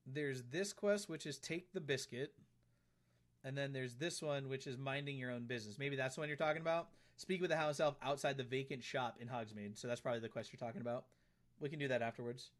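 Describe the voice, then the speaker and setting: A man in an ordinary mid-range voice hosts a live game stream. He reads his chat out loud and replies in loose, friendly talk, often saying the same phrase two or three times over. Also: medium pitch, fairly quick. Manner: chatty, reads and answers chat aloud, repeats phrases.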